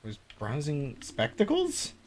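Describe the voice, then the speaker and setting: Speaking slowly with huge swings in pitch from a medium baseline, a U.S. streamer from Appalachia offers casual commentary on a farming game. They ramble, laugh frequently and drop into a put-on drawl, all over a noisy background.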